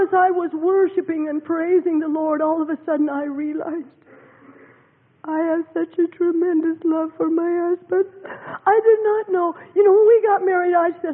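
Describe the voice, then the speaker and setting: A woman's voice: very high-pitched, steady tone, moderate pace. A woman giving an emotional church testimony, her voice often breaking with tears and laughter as she recovers from having lost her voice. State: recovering from voice loss. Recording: tinny lo-fi recording with long hall reverb.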